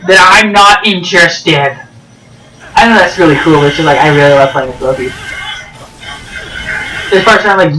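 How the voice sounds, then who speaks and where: A man giving chatty, excitable let's-play commentary over a video game, sometimes pleading and whiny. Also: high-pitched, moderate pace, pauses often, recorded from a distance, noisy background. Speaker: gaming YouTuber. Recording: echoey room with game music behind. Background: game music.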